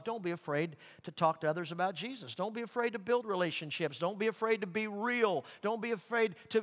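High, bright-voiced preacher in a hall. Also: male voice. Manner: animated preaching with quoted voices. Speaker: pastor. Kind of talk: sermon. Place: large church sanctuary. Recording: long reverb of a large hall.

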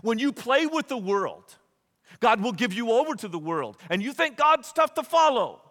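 A man preaching a sermon, retelling stories with lively, acted-out voices. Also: extremely high pitch, normal speed, big-room sound. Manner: animated storytelling, acts out quotes. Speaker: pastor.

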